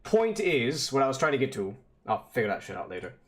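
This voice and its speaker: On a casual coding stream, a man who is a VTuber mutters and swears at his code while debugging, then explains it step by step. His medium-pitched voice is brisk, with big pitch swings.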